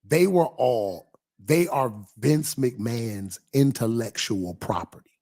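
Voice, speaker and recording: A man hosting a pastor's livestream in a casual, animated way, repeating phrases and reading viewer comments aloud. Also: medium pitch, slow.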